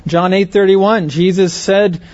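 A man's voice: sits high, fairly even intonation, unhurried, darkish tone, dull audio. A man giving a Bible lesson to a group, stressing key words and often checking whether his listeners agree. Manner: asks the audience questions, stresses words. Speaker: Bible teacher. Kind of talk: teaching sermon.

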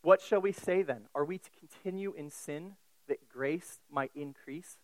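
A man preaching an expository sermon, emphatic and deliberate, with casual asides and quick self-corrections. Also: high voice, animated, dry recording, low-quality recording. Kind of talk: sermon, expository Bible teaching.

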